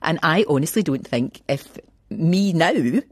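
A woman in her sixties with a Glaswegian accent chats as an interview guest, lively and self-deprecating. Her voice is slightly low and husky. The sound is close and dry. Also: a little slow, dry recording. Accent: Scottish, Glasgow. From Scotland. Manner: animated, chatty, self-deprecating. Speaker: guest, TV presenter. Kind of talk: radio interview chat.

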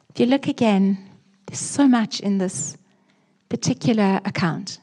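Woman pastor, husky tone, emphatic sermon delivery that sinks to hushed prayer. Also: medium pitch, measured pace. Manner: expressive, shifting from lively emphasis to soft hushed prayer. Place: church.

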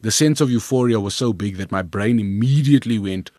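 Brief: South African comic, lower-pitched man, rambling anecdotal delivery, close dry sound. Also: fairly quick, dry recording. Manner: lively, rambling, repeats words when restarting. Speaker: comedian guest. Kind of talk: storytelling interview answers.

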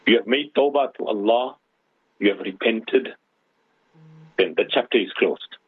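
Husky man preaching over a tinny phone line. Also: on the low side, a little slow, no echo. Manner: preaching, rhetorical questions. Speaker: radio host. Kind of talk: radio Islamic advice talk.

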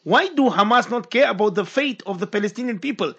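A man's voice: sits high, expressive, quick pace, fairly bright tone, breathy edge, dull audio. A man hosting a Q&A show, reading listener questions aloud and affirming the guest with short interjections. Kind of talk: Q&A on a talk show.

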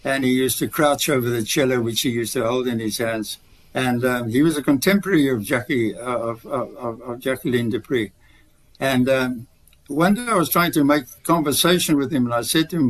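A man's voice: medium pitch, moderate pace, low-quality recording. A retired man telling stories as a radio guest, rambling with many restarts. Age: older. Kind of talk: radio interview.

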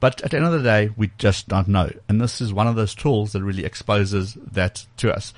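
A man with a voice on the low side hosts a tech talk show on radio, talking a little fast into a studio microphone with no echo. His manner is casual and chatty, peppered with fillers and restarts.

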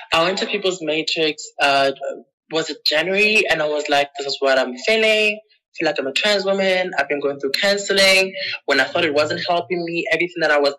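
A woman being interviewed, candidly telling a personal story with emotion and acting out past conversations in her own voice. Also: rough recording. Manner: emotional, acts out past conversations with lively pitch jumps; checks in with the listener often. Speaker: interview guest.

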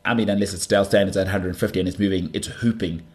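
A South African man talks in a casual monologue as the host of his own show. He is animated and full of banter, often stumbling and restarting. His voice sits a little low. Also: rapid-fire. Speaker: podcast host.

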